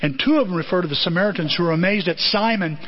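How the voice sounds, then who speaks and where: A male pastor preaches with a high, lively voice and tells stories with animation, slipping into the voices of the people in them. The recording is slightly muffled. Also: racing. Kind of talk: sermon.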